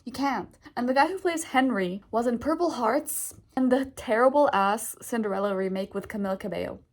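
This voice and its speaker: A young adult woman vlogging in a casual, chatty way, ranting and getting excited, with lots of fillers. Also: fairly high pitch, brisk. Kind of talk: casual vlog chat.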